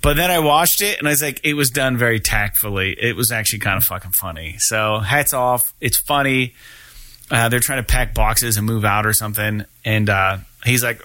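A man's voice: medium pitch, moderate pace, bright, forceful tone, dry recording. A man hosting a casual gaming news podcast, talking loosely with lots of swearing and filler words. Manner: profane, rambling, lots of fillers. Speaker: podcast host.

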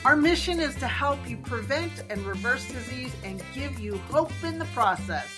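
A middle-aged woman and doctor hosting a podcast, telling a personal story in an earnest, open, expressive way with lively swings in tone. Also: sits high, moderate pace, music in the background. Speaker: podcast host and medical doctor.

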